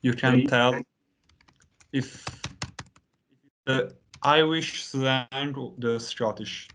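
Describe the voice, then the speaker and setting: A man whose first language is Italian, teaching an English lesson in a relaxed conversational way with lots of fillers. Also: mid-range voice, slight background noise. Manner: unhurried, many "you know" fillers.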